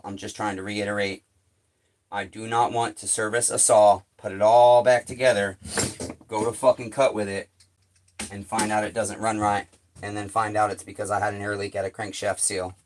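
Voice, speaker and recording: An exasperated man swears heavily while repairing chainsaws on a live stream from his home workshop shed, talking to his viewers as he works. His voice is on the low side, his delivery flat and his speed normal.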